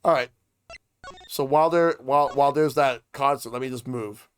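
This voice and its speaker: A man's voice: medium pitch, normal speed, faint music behind. A man streaming a courtroom video game, reading the protagonist's lines and his own thoughts aloud in a plain, earnest way.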